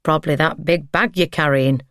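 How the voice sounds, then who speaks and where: Woman narrator as a laid-back, teasing boyfriend, low-pitched, dry close sound. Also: steady tone, normal speed, a bit bright, dry recording. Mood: easygoing. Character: casual, teasing adult male partner.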